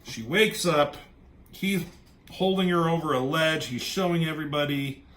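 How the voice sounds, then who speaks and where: A man's voice: on the high side, moderate pace, a bit bright. Rambling, profane man reviewing comics. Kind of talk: casual comic review chat.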